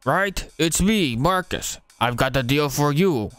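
A man voicing a greedy, scheming middle-aged male dealer in a comedic game role-play, gruff and wheedling. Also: on the high side, lively intonation, measured pace, a bit bright, no room sound, voice pushed up.

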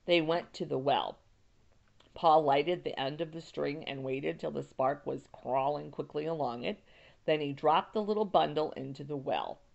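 A woman teacher reads a chapter aloud at an unhurried pace and stops now and then to explain. Her voice is low with a gravelly edge. The recording sounds a little dull. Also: a little mellow.

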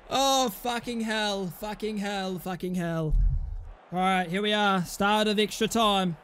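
High-voiced swearing young man. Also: unhurried, a bit bright. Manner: swears constantly, swings from panic to screaming joy. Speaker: gaming YouTuber. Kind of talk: football manager game commentary. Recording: faint background noise.

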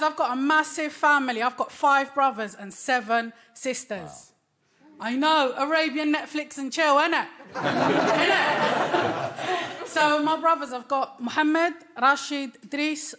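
A woman in her thirties with a London accent, performing a stand-up comedy set with a cheeky, deadpan delivery. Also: high voice, moderate pace. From London, England. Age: 30s. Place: small comedy club stage. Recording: live club recording with loud crowd. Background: loud audience laughter and applause.

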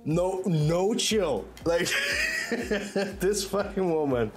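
Male streamer, relaxed unhurried chatter, giggly and rambling, soft game music underneath. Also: mid-range voice. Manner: rambling and laughing often. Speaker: livestreamer. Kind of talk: loose casual chat while gaming. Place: own bedroom.

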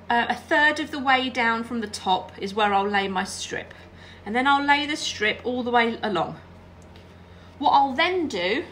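A quilting teacher gives a chatty, hands-on tutorial while ironing and sewing, often checking in with viewers by asking "all right?" Her voice sits high and a bit bright, with slight background noise.

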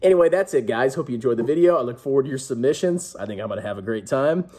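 A man's voice: mid-range voice, animated, quick pace, dark tone, husky. A man talking casually and rambling to his viewers as a finance YouTuber, emphatic and chatty, often tacking on "okay?".

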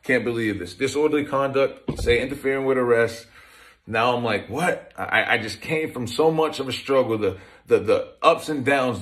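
A former pro footballer in his thirties from Massachusetts speaks in a mid-range voice with a fairly bright tone. Telling his own life story in a chatty way, he keeps restarting his sentences and leaning on fillers.

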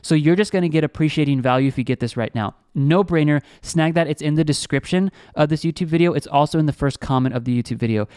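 A man's voice: fairly high pitch, quick pace, few pauses, a little mellow, smooth, no room sound, clean studio sound. A young man hosting a crypto trading vlog, talking to viewers with hyped energy and lots of "guys" and "like". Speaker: crypto trading channel host. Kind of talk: screen-share trading vlog, salesy.

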